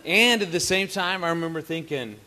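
A man's voice: fairly high pitch, lively intonation, normal speed, sharp tone. A man telling a funny story to an audience at a family camp, playful and teasing. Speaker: married couple's co-speaker at a family camp.

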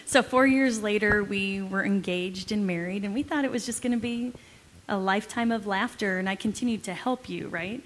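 A woman telling an amused, lively story to an audience alongside her husband. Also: mid-range voice, moderate pace. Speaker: wife co-presenting with her husband.

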